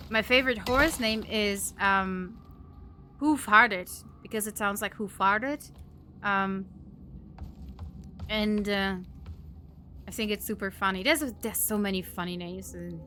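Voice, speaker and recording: A woman's voice: mid-range voice, sharp tone, slight background noise. A woman live streamer chatting casually with her viewers while gaming, giggly and chatty as she thanks them and reacts to chat.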